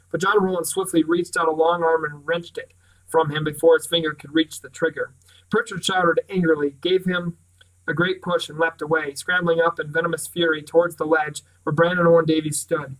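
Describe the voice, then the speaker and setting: A man reading a novel aloud with even, plain storytelling. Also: fairly high pitch, far from the mic, low-quality recording. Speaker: reader. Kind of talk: audiobook reading.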